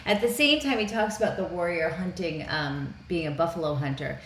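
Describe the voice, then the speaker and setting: A woman co-hosting a podcast in casual movie review chat, chatty and quick to laugh. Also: lowish voice, a bit bright. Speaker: podcast co-host. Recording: roomy echo, faint background noise.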